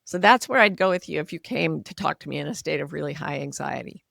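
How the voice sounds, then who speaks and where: A woman in her sixties with a gravelly, fairly low voice, talking as an interview guest. She explains things earnestly and conversationally, easing into a softer tone when she shows how to speak kindly. The sound is close and dry. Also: lively intonation, fast talker, dry recording. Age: 60s. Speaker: author and coach, podcast guest.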